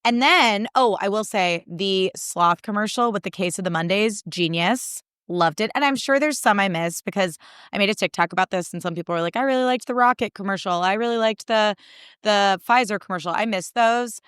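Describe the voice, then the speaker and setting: A young woman hosting a chatty solo podcast, her voice smooth and clear with a dry, close sound. She rants with animated, sarcastic energy and swears freely. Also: on the low side, dry recording. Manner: animated, sarcastic, profane ranting. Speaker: podcast host. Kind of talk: casual solo podcast chat.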